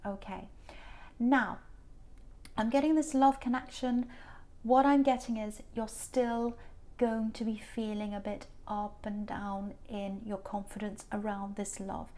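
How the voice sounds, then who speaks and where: A woman's voice: mid-range voice, warm tone. A woman giving a tarot reading to camera, earnest and repeating herself for emphasis. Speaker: tarot reader.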